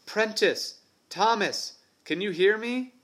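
A man's voice: a little high, animated, normal speed, pitched above the performer's own voice. A man reading aloud voices a frightened boy who takes charge and calls out urgently for his lost friends. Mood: panicked shouting. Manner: urgent, shouting.

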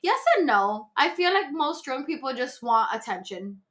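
A woman's voice: high-pitched, expressive, normal speed, a bit bright. A woman who works as a restaurant server, chatting casually as a podcast guest about handling drunk customers. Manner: chatty, explains plainly, frequent fillers.

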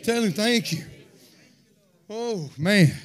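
A man giving a fervent sermon and personal testimony, telling his story in an animated way and peppering it with "man.". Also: high voice, takes it slowly. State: sweating, winded after worship. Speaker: lay preacher giving testimony.

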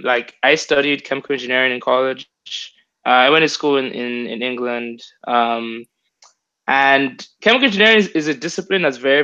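A man's voice: mid-range voice, a bit bright. Young guy chatting loosely, lots of ums and likes, kinda muffled lo-fi sound. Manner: rambling, many fillers and restarts. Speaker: guest. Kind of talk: casual interview chat. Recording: dull lo-fi sound.

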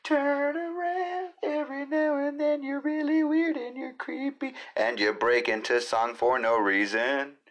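A man putting on a squeaky, mocking falsetto voice to tease himself in a podcast monologue. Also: fairly even intonation, measured pace, few pauses, fairly bright tone. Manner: high falsetto mockery, sing-song.

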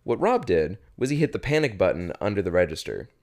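A man's voice: low-pitched, very animated, fast talker, darkish tone. A man co-hosting a casual podcast, retelling a story with swearing and acted-out quotes. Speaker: podcast co-host.

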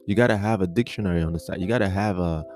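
A man's voice: low voice, racing, over music. A man giving an earnest Bible teaching on a podcast, repeating phrases and spelling out words letter by letter.

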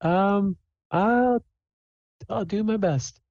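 A man doing a squeaky flustered student girl. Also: very slow, darkish tone, no room sound, muffled recording, full character voice. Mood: unsure. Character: young female student, excitable and easily flustered.

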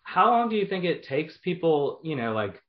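A man's voice: on the high side, sing-song, normal speed. A man hosting a podcast interview who asks casual questions and adds affirming replies. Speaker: podcast host. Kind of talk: conversational interview. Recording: dull lo-fi sound.

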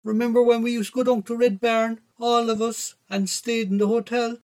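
A man voicing a doting Irish mother with an Irish accent, talking softly and calling her son love. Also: very high-pitched, flat delivery, moderate pace, voice pushed up. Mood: tender. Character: affectionate Irish mother on a phone call.

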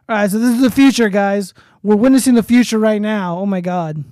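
A man's voice: high voice, animated, fast talker, few pauses, over music. A young man hosting a casual livestream, reading posts aloud and swearing freely in loose, rambling commentary. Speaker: streamer host.

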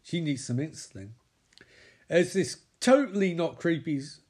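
A man recapping a TV episode with sarcastic, sweary, excitable commentary. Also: fairly high pitch, normal speed. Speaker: comedic TV recapper.

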